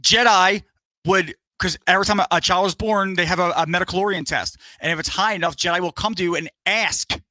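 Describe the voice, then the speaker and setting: A man co-hosting a casual show-review stream, energetic, joking and profane. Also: high voice, a little fast, no echo. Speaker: podcast co-host.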